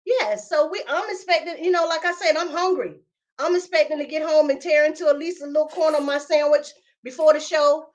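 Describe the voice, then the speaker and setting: High-voiced emphatic woman storyteller. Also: fairly quick. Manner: emphatic, indignant storytelling with lots of repetition. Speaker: podcast co-host. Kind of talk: casual chat, storytelling.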